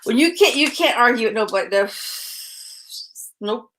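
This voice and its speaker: A woman giving a casual spirit reading as a medium, halting and full of fillers, frank and breaking into laughs. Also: a little high, lively intonation, a bit bright. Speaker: psychic medium.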